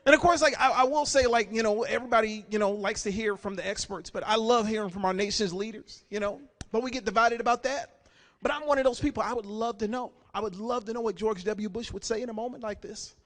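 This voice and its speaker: High-voiced chatty stand-up comic. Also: male voice, quick pace, fairly bright tone. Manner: casual, chatty, repeats words. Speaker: stand-up comedian. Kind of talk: live stand-up set. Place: gala banquet hall with an audience.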